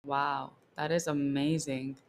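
A man's voice: medium pitch, flat delivery, takes it slowly. A man hosting a podcast interview who reacts with short remarks and asks thoughtful questions. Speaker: podcast host.

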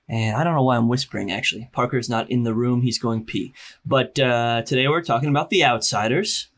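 A young adult man quietly recording a solo podcast intro, bragging about himself in a deadpan, joking way. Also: medium pitch, a little fast. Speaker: podcast co-host.

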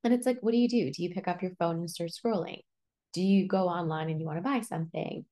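A young woman hosts a solo personal-growth podcast, speaking casually and reassuringly with lots of "like" as filler. Her voice is lowish and dark, and she talks fast.

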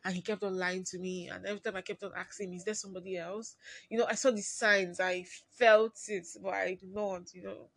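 A woman hosting her own podcast, talking through a personal story in a confiding way and often trailing off quietly. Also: mid-range voice, little pitch movement, brisk, vocal fry, no room sound. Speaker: podcast host.

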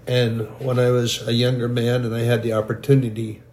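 A man giving an emotional, halting sermon testimony as a lay preacher. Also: medium pitch, flat delivery, a little mellow, echoey room. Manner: slow, halting, grows emotional and choked.

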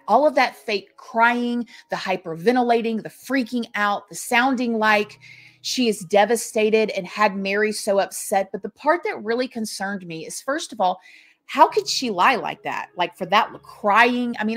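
A woman's voice: mid-range voice, fairly bright tone. A woman hosting a true crime commentary, speaking emphatically and indignantly. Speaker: true crime channel host.

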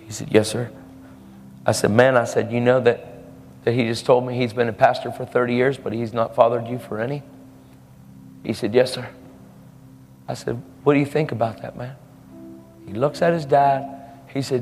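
A man's voice: mid-range voice, steady tone, moderate pace, pauses often, a little mellow. A man preaching a sermon, telling a story in an earnest way and acting out the voices of the people in it. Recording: long hall reverb with faint music.

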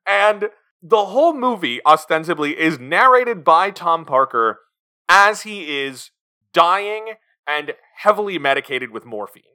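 A man co-hosting a film review podcast, his voice bright and slightly high. He talks in a lively, swooping way and acts out scenes as he goes. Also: measured pace, clear, resonant tone. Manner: animated, quotes scenes in put-on voices. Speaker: podcast co-host. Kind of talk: casual film review chat.

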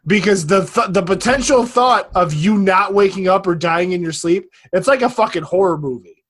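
Brief: male podcast co-host, slightly high voice, jokey and profane. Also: moderate pace, fairly bright tone, husky. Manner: joking, profane banter. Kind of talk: casual chat.

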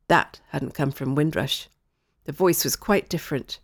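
A woman narrating a first-person story in a clear, expressive way. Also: low voice, unhurried, no room sound, clean studio sound.

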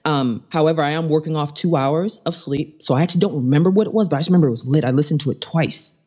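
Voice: medium pitch, fast talker, a little mellow, slightly rough. A host of a live audio chat show, joking in casual slang, laughing often and teasing the guests. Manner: playfully teasing.

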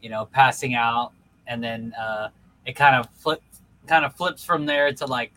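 A man's voice: medium pitch, fairly even intonation, measured pace, sharp tone, a little hiss or hum, low-quality recording. A young man co-hosting a casual chat, rambling with many fillers and restarts. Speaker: podcast co-host.

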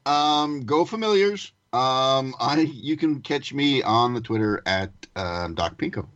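A man's voice: medium pitch, lively intonation, measured pace, a bit bright, dull audio. A man co-hosting a podcast, speaking hesitantly with wry asides. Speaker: podcast co-host. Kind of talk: casual podcast chat.

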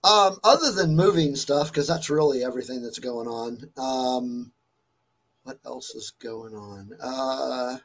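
A man's voice: mid-range voice, a little slow, low-quality recording. A man hosting a stream, telling a story in a rambling, chatty way full of fillers while still getting over a fever. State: recovering from a fever. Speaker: stream host. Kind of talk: casual chat.

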